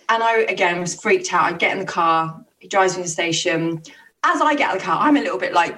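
A woman's voice: fairly low pitch, expressive, fast, pushed and bright, recorded from a distance, rough recording. A young woman telling stories in casual chat. She acts out the quotes and uses many fillers and restarts. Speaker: podcast co-host telling stories. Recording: voice a little off-mic.

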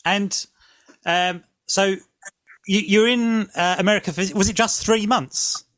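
A man's voice: high voice, fairly even intonation, measured pace, fairly bright tone. A man co-hosting an interview, asking rambling, hesitant questions. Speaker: podcast co-host. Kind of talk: casual interview chat.

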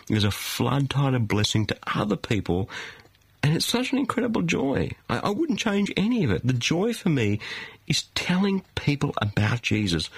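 A man's voice: mid-range voice, husky, dry recording. A middle-aged man preaching a sermon in a studio, emphatic and full of rhetorical questions.

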